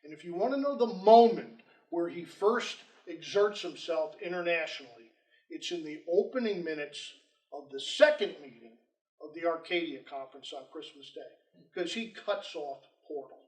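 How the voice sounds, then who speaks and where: Man, history lecturer, animated storyteller, slightly high voice, roomy echo, distant mic. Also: moderate pace. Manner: animated, acts out quoted dialogue.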